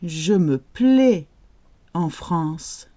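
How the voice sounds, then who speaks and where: A woman leads a French audio drill, saying each phrase slowly and more than once. Her pitch rises and falls a lot as she speaks. She cheers the listener on in an encouraging way. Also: expressive, dark tone. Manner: slow, repeats phrases, encouraging. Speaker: French teacher.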